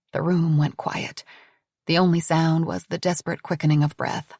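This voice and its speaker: A woman's voice: low voice, flat delivery, moderate pace, darkish tone, slightly rough, no room sound. A woman narrating an audiobook in a dramatic, tense storytelling manner on a close studio mic.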